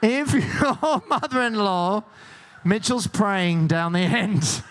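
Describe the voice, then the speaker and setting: A man's voice: high voice, animated, slow pace, fairly bright tone. A man hosting a game show, joking and teasing the contestants and laughing often. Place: cruise ship show lounge.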